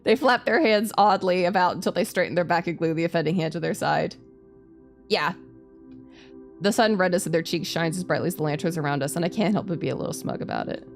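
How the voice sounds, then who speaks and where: A woman with a lowish voice speaks fast over soft background music. She's a VTuber streaming a story game, reading its text aloud with live commentary and breaking into playful, laughing asides.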